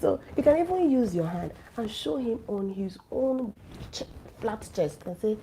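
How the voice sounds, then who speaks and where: A woman fighting a flu coughs her way through blunt, teasing relationship advice, lecturing listeners directly to camera. She speaks unhurriedly in a mellow, higher voice with big pitch swings, over slight background noise and poor audio.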